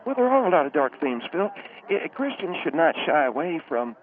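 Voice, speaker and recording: Halting man on a tinny phone line. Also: fairly high pitch, very animated. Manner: halting, full of uh, earnest. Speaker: reverend calling in. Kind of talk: call-in chat.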